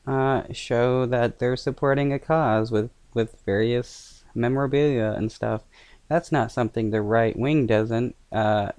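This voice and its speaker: Man giving halting reaction commentary. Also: mid-range voice, darkish tone, smooth, no room sound. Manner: halting, many fillers and restarts, scoffing. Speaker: commentator reacting to a news clip.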